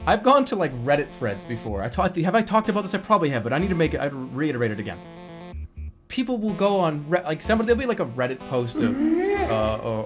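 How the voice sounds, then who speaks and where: A man in his thirties streaming games, joking and shifting from mumbles to excited shouts. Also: a little high, brisk, music in the background. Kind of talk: casual gaming stream commentary.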